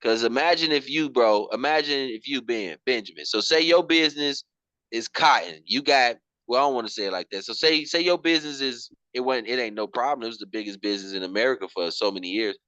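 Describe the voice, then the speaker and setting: A man's voice: mid-range voice, brisk, sharp tone, no room sound, highs cut off. A man teaching finances in casual slang, often repeating himself and calling his listener "bro". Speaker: program instructor.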